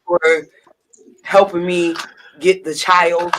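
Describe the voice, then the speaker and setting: A woman's voice: fairly low pitch, flat delivery, takes it slowly, a little hiss or hum, rough recording. A woman hosting a casual podcast chat, teasing and laughing often. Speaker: podcast host.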